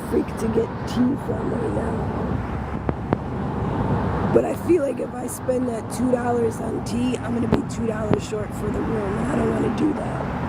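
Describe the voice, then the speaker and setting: A woman with a hoarse, stuffy voice talks straight to her livestream chat, blunt and emphatic. Her voice sits a little high. It comes through a phone mic outdoors, buried in loud traffic noise. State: hoarse, congested voice. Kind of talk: casual livestream chat with viewers.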